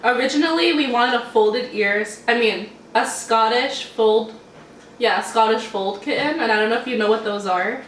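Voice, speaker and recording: A young woman talks casually while eating at home, rambling in a laid-back way. Her voice sits a little high. The sound is roomy and comes from a mic set some way off, with a faint hiss beneath. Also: normal speed, a bit bright, recorded from a distance. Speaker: mukbang host.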